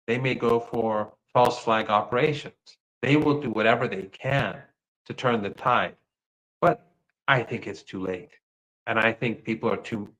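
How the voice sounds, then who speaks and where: A man's voice: medium pitch, fairly bright tone, low-quality recording. A man giving earnest political commentary as a guest on a video call, emphatic and restarting his sentences.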